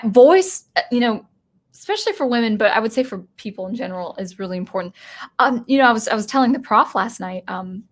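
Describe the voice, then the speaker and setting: Woman musing aloud on a live stream. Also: a little high. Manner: thinking aloud, halting with restarts. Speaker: channel host and teacher. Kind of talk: live-stream commentary answering chat.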